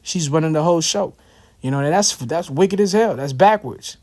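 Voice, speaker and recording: A man with a slightly high voice talks through scripture in a relaxed, slangy way. He fills his speech with fillers, repeats himself and makes side remarks as he reads verses aloud. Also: moderate pace. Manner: loose and slangy, many fillers and repeated asides. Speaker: religious teacher. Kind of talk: casual scripture commentary.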